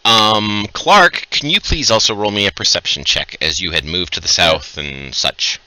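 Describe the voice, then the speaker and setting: A man's voice: fairly low pitch, normal speed, sharp tone, rough recording. A man running a tabletop game as dungeon master, narrating scenes and giving rulings. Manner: describes scenes and rulings, laughs along with players.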